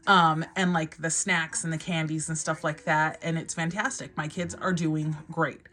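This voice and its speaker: A woman's voice: deep voice, flat delivery, moderate pace, sharp tone. Chatty mother vlogging at home. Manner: chatty and rambling, many fillers and restarts, laughs often. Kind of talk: casual chat to camera.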